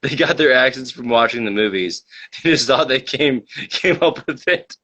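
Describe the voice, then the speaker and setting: Animated and sharp-toned with a breathy edge, this man speaks at medium pitch and a moderate pace. He runs a comedy talk show livestream, rambling through viewer comments with mock-conspiratorial jokes, all through a dull, lo-fi microphone.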